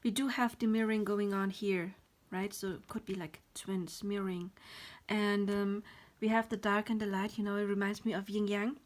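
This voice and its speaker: A woman with a mid-range voice leads a pick-a-card tarot reading in a loose, rambling way. She apologizes often as she talks through spiritual themes, and she sometimes sinks into a soft whisper. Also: mid-range voice, little pitch movement, moderate pace. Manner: drops to a whisper now and then.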